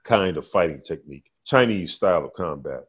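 A man voicing a calm, cool-headed male hero who answers in terse, understated lines. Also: sits low, normal speed, husky.

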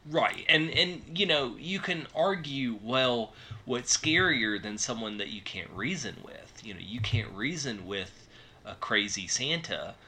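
A man's voice: medium pitch, lively intonation, unhurried, bright, forceful tone. A man co-hosting a podcast, chatting casually about horror films with lots of fillers. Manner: rambling, filler-heavy. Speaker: podcast co-host. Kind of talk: casual chat.

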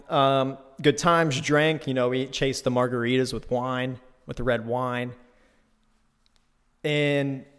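A man hosting his own podcast, telling a trip story in a casual, profane, animated way from a new, unfurnished home studio. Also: mid-range voice. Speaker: podcast host. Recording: echoey bare room.

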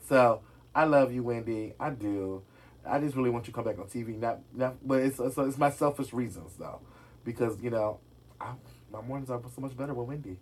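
A man with a husky, slightly breathy voice at an ordinary middle pitch. He dishes celebrity gossip in a loose, casual vlog, sassy and talking straight to his viewers as if they were friends in the room. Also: quick pace. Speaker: gossip vlogger.

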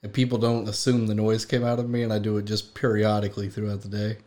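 A man who is a guest on a podcast, bantering in a joking, animated way during casual chat. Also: lowish voice, fast.

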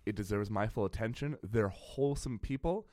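A man's voice: on the low side, moderate pace, darkish tone, no echo, studio quality. A young man co-hosting a casual comedy chat, playful and theatrical, laughing often. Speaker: podcast co-host.

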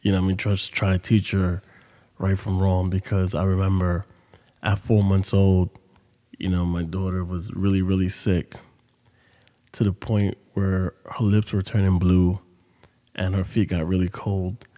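A man's voice: low voice, little pitch movement, a little slow, dark tone, big-room sound. A man hosting a podcast, telling a story in casual monologue with loose, profane street talk. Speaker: podcast host.

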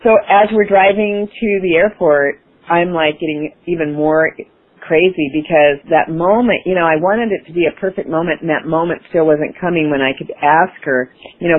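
A woman author, a guest in an interview, telling a personal story with lively enthusiasm and acting out her past self. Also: on the low side, normal speed. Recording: phone-line sound.

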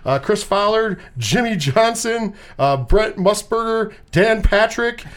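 A man's voice: sits high, expressive, takes it slowly. A man hosting a casual movie review podcast, chatting loosely, swearing often and laughing along with his co-hosts. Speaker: podcast host.

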